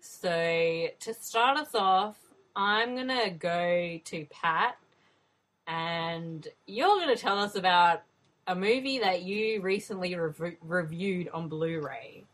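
A woman's voice: fairly low pitch, takes it slowly, fairly bright tone, poor audio. Woman, podcast host, casual chat, teasing, playful. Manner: playful, laughs often, teasing.

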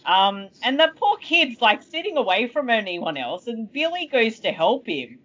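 Animated, swearing woman in casual chat. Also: a little high, normal speed. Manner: animated, swearing, acts out scenes in exaggerated voices. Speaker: podcast co-host. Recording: dull lo-fi sound.

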